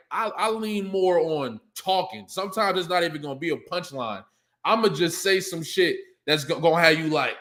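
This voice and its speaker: Man, battle rapper, casual reaction commentary, high lively voice. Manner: excitable, hypes up lines, breaks into shouts and laughs. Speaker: battle rapper breaking down diss tracks.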